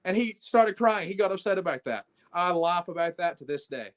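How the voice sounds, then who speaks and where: A man's voice: high-pitched, expressive, brisk. A brash young man, a wrestling champion, telling swaggering stories in a casual interview and calling people mate.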